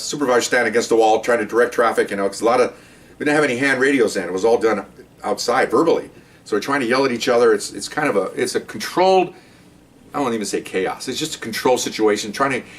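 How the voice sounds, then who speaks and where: An older man, a retired police officer, telling a rambling story in casual talk, acting out the shouted commands. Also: medium pitch, far from the mic.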